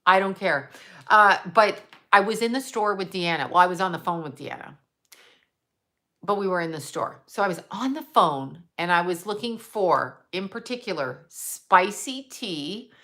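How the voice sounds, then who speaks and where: A woman hosting a casual livestream, telling rambling, animated stories with blunt, profane asides. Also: mid-range voice, a little slow. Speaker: psychic medium livestream host. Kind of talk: casual live-stream chat.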